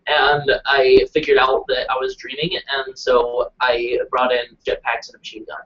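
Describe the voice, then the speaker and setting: A man's voice: mid-range voice, level tone, moderate pace, fairly bright tone, slight background noise. A man chatting casually on a live stream, rambling and self-deprecating. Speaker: show regular. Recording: dull lo-fi webcast audio.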